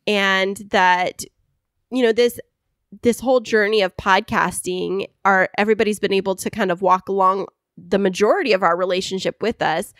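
A woman's voice: medium pitch, steady tone, normal speed, a bit bright, dry recording. Brief: young woman, podcast co-host, gushing and giggly, dry close sound. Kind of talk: casual chat.

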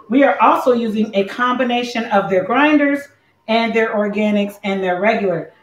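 A woman hosting a live cooking show, talking in a playful, chatty way straight to her viewers. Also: mid-range voice. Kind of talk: casual live cooking chat. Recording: echoey room, dull lo-fi sound.

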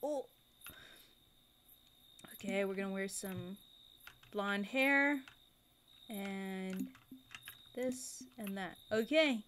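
A woman's voice: medium pitch, extremely slow, long pauses, a bit bright, a little hiss or hum. A woman streamer playing a video game, giggling and talking to herself as she decides what to do. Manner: giggly, self-talking, flustered. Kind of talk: let's play commentary.

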